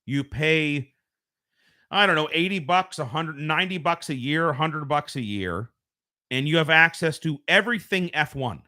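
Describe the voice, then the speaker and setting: A man's voice: on the high side, animated, normal speed, pushed and bright. A man from the United States hosting a casual live stream from home, rambling and correcting himself as he talks. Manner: rambling, self-correcting, conversational. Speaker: show host. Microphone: home streaming microphone.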